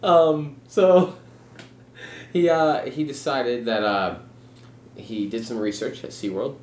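A young man in casual comedic chat, spinning deadpan absurd tangents. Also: mid-range voice, takes it slowly. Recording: roomy echo.

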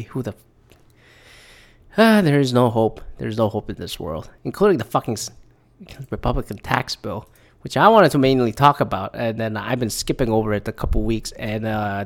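A man in his thirties giving profane, sarcastic commentary, reading news statements aloud and reacting to them. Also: mid-range voice. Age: 30s. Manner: sarcastic, swears a lot.

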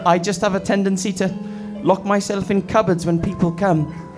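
A man's voice: high voice, flat delivery, normal speed, music in the background, natural voice. A man playing a shy, socially awkward young trainee train driver in an improvised comedy. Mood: meek. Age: young adult. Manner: meek, eager, polite.

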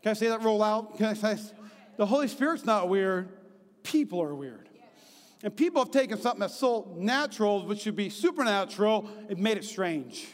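A man in his thirties preaching a sermon in a lively, conversational way, often checking in with the congregation. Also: high-pitched, fairly quick. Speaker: pastor. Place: church hall. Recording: long reverb of a large hall.

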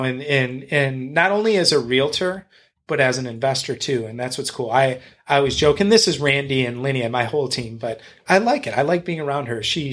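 A man's voice: mid-range voice, a bit bright. A man being interviewed on a podcast as a real estate agent and investor, talking in a blunt, rambling, enthusiastic way and swearing freely.

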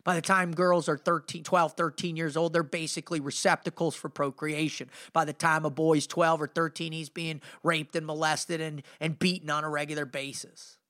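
A middle-aged man with a high, forceful voice tells his own story in a podcast. His talk is intense and emphatic. He sounds fired up and keeps it loose with casual asides. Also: moderate pace, few pauses. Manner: energetic, informal, peppers speech with "man" and "you know". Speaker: podcast host and motivational speaker. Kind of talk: motivational storytelling.

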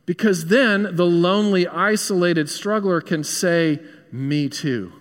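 A man's voice: sits high, measured pace, in a large hall. A man with a Southern US accent, a pastor preaching an earnest, conversational sermon in a church. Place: church sanctuary.

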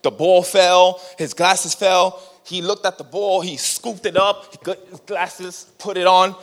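A man preaching a sermon as a lively story, laughing often and acting out what people said. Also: high-pitched, measured pace. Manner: animated, laughing storyteller who acts out quotes. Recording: long hall reverb.

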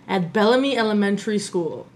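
A woman with a slight New York accent, co-hosting a casual podcast chat, animated and swearing freely. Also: mid-range voice, fairly quick. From Tampa, Florida. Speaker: podcast co-host.

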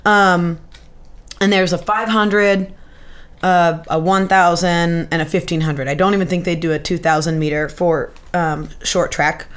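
A woman's voice: lowish voice, steady tone, measured pace. A woman co-hosting a podcast in casual chat, rambling and swearing freely. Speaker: podcast co-host.

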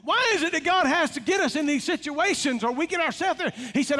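A man preaching a sermon as pastor, animated, dropping to hushed tones when he quotes. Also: extremely high pitch, a little fast, hardly any pauses. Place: church sanctuary. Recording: long hall reverb, faint music.

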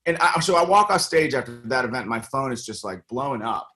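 A middle-aged man from the United States talks through a casual interview, earnest and full of stops and restarts. His voice sits at an ordinary, middle pitch. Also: animated, fairly quick, bright, forceful tone. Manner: earnest, many fillers and restarts. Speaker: congressional candidate and guest.

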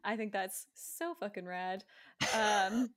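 A woman's voice: medium pitch, takes it slowly, a bit bright. Upbeat woman hosting a podcast. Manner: upbeat and enthusiastic, casual swearing, many ums. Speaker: podcast host. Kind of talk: casual podcast chat.

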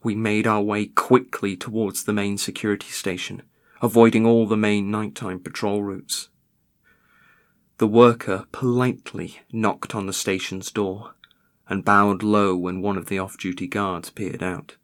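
A man's voice: on the low side, little pitch movement, a little slow. A man narrating a first-person horror story in a tense, grim way. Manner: tense, rising to frantic in moments of terror.

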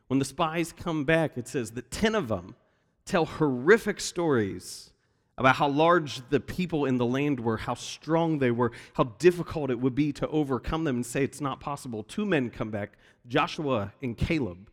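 Pastor guy preaching, middle-pitched, acts out the voices, big echoey church hall. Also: moderate pace. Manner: animated storyteller, acts out quoted voices. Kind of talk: sermon. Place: church sanctuary. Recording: long reverb of a large hall.

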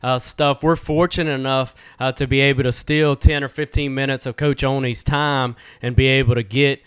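A man's voice: medium pitch, steady tone, normal speed, clean tone, no echo. A man hosting a sports podcast, talking in an easygoing way with "uh" fillers. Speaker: podcast host. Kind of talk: casual interview.

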